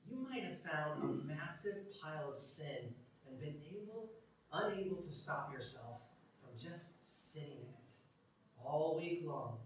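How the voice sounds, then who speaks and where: Animated preacher, echoey distant church sound. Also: male voice, on the high side, unhurried, a little hiss or hum. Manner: animated storytelling, acts out quotes, swings from loud to hushed. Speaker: pastor. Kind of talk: sermon. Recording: echoey church hall from far off.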